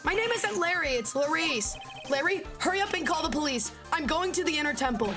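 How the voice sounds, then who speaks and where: A goofy, excitable young man in a game who shouts his lines in a high voice. Game music plays clearly behind. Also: a little fast, far from the mic. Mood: frantic.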